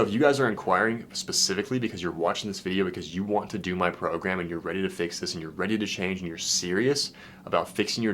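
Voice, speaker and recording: A young man, a dating coach, talking casually to camera in an excited, slangy way, swearing and saying "dude" a lot. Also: sits low, slight background noise. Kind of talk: casual vlog, reacting to a client's messages.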